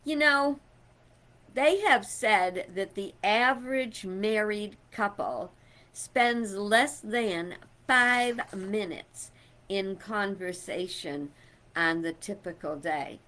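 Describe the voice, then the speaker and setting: A middle-aged woman chatting casually to camera, loud and rambling, with fillers and little laughs. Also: medium pitch, slow. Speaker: vlogger.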